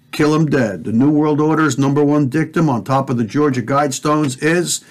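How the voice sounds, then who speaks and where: Fiery, profane talk-show host man. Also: mid-range voice. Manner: fiery, profane, preachy, addresses listeners directly. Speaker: podcast host. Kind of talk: heated conspiracy talk show rant.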